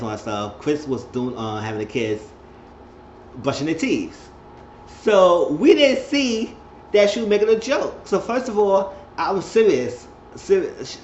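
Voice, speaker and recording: Casual male recapper, chatty with bursts of laughter and high-pitched impressions; roomy, muffled home recording. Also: darkish tone. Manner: chatty, laughs often, acts out cast members in high squeals. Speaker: reality show recapper. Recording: roomy, dull lo-fi sound with faint noise.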